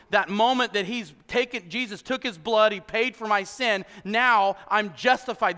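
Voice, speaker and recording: A male pastor preaching a sermon, swinging from shouted emphasis to quiet low asides and joking with the congregation. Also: in a large hall. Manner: emphatic preaching, bursts into shouts then drops low and soft. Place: church hall with congregation.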